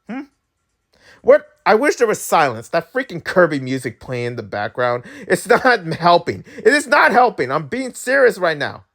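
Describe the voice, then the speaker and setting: A rambling, lively-voiced young man vlogging. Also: sits high, moderate pace, vocal fry. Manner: rambling and candid, with frequent restarts and laughs; opinionated, blunt. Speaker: YouTube channel host. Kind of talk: casual news commentary.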